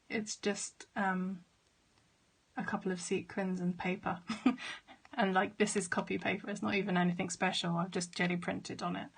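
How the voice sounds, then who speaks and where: A woman chats about her crafts in a relaxed, rambling way, full of small fillers and asides. Her voice is a little hoarse as she is losing it, and her pitch stays quite even. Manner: chatty, with fillers and trailing asides. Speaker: craft vlogger. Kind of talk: casual show-and-tell.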